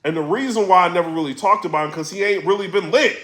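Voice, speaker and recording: A man blogging about the battle rap scene in a casual commentary vlog, telling stories in a slangy, animated way. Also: high-pitched, fast, roomy sound.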